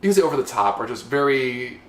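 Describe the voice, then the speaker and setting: A man's voice: mid-range voice, expressive, quick pace. A man co-hosting a travel podcast in a casual, rambling way, full of "like" fillers. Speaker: podcast co-host. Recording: echoey room, faint ambience.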